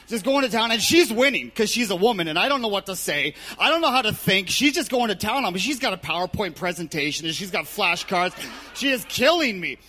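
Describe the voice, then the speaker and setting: A man preaching a sermon, telling stories with lively shouted asides and jokes. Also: high-pitched.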